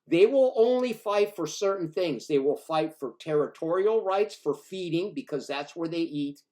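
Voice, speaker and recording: A man's voice: on the high side, expressive, normal speed, a little mellow. A man in his sixties telling a profane, rambling story about an old bar fight in a casual, emphatic way.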